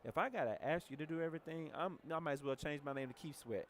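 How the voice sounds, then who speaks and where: A man's voice: on the high side, fast talker, fairly bright tone, a little hiss or hum. A man leading a motivational team training talk, blunt and direct, telling his team how to handle calls. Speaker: team leader.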